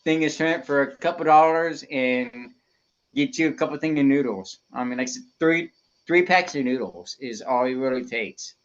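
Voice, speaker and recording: A man guests on a casual podcast, speaking in a mid-range voice at normal speed. He is emphatic as he explains, repeating phrases and restarting often. The recording has a dull lo-fi sound.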